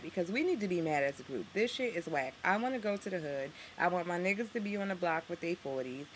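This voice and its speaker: A woman with a fairly low voice and a little hiss or hum in the recording. She's from Harlem, speaks with a New York accent, and rants to camera as a vlogger, profane and sarcastic, her pitch jumping up whenever she gets outraged.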